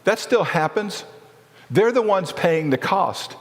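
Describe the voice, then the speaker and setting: A man's voice: high-pitched, lively intonation, slow pace. Earnest middle-aged man preaching in reverb. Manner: earnest, conversational preaching with rhetorical questions. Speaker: marriage seminar speaker. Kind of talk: sermon. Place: church. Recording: long reverb of a church hall.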